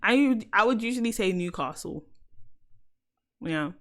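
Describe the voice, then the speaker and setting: A woman's voice: lowish voice, normal speed, a bit bright. Chatty young London woman streamer. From South London, England. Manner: chatty, laughs often, jokey. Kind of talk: casual live-stream chat.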